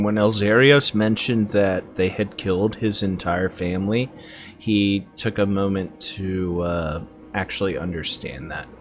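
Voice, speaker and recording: Male player, lowish voice, very slow, laid-back, music clearly behind. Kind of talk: casual tabletop game chat.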